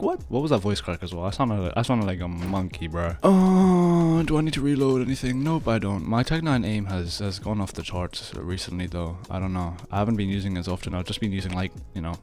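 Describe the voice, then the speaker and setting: A young man with a very low voice narrates his gameplay in a dry, exasperated way, just out of bed and short on energy. His tone rises and falls a lot, jumping from flat mutters to sudden high yelps, and faint music plays behind him. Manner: sarcastic, exasperated, says "bro" constantly. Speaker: gaming video creator. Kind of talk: casual gameplay commentary.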